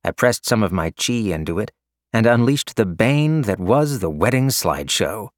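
Low-voiced man narrating with wry humor. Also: lively intonation, moderate pace, dry recording, clean studio sound. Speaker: audiobook narrator. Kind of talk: scripted narration.

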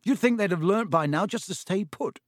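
A man's voice: high-pitched, lively intonation, moderate pace, no echo, studio quality, pitched above the performer's own voice. A man doing cheeky teenage wizard boys. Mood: lively.

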